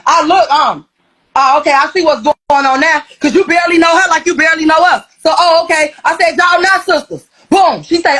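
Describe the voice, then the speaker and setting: A woman retelling a fight on a live stream, blunt and profane, quoting the back-and-forth with animated heat. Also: high voice, fast, low-quality recording. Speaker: reality show cast member interviewed on a live stream. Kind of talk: heated storytelling on a live stream.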